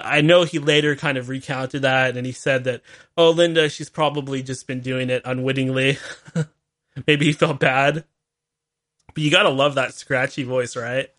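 A man's voice: mid-range voice, fairly bright tone. A man hosting a call-in talk radio show, rambling and chatty with laughing asides.

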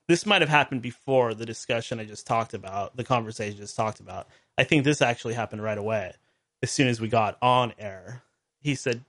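A man's voice: medium pitch, fairly quick, a bit bright. Exasperated man hosting a talk show. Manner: exasperated, rambling with frequent restarts and wry laughs. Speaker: podcast host. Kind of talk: casual storytelling monologue.

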